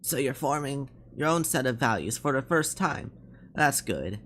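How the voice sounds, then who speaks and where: A woman's voice: a bass voice, expressive, a bit bright, a little hiss or hum. Woman doing a tired old army captain. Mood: grave. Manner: tired, measured. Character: weary older male army captain, calm and fatherly. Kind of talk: reading game dialogue aloud.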